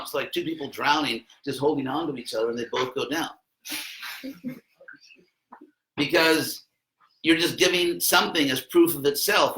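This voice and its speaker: A man teaches philosophy to a small group of students in a casual, joking way, lifting his voice to act out quotations. His tone is bright and forceful and sits a little high for a man. The sound carries the echo of a classroom. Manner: conversational, jokey asides, acts out quotes with a raised voice. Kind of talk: informal philosophy lesson to students.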